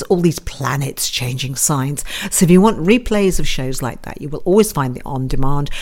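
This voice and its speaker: A chatty woman with a notably low voice hosts a live internet radio show. She talks casually and rambles a little, slipping in self-deprecating asides as she greets listeners. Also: darkish tone. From United Kingdom. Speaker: radio host and psychic advisor.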